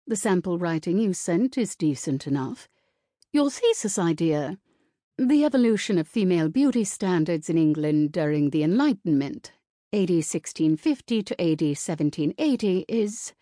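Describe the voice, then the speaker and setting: A woman's voice: lowish voice, warm tone, no room sound, studio quality. A woman voicing a stern, blunt middle-aged woman professor who speaks curtly and dismissively. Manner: curt and dismissive.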